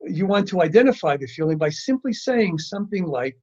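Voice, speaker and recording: A man presenting a training talk on handling difficult behavior in young children, speaking in a lively way. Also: sits high, fairly quick, muffled recording. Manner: lively, acts out children's voices in quotes. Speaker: parenting and teaching workshop speaker.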